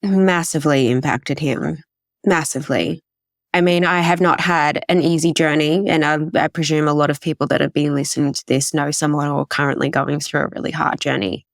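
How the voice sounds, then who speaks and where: A woman's voice: deep voice, steady tone, moderate pace, dry recording, studio quality. A woman telling her personal story as a podcast guest, rambling and emotional with many fillers.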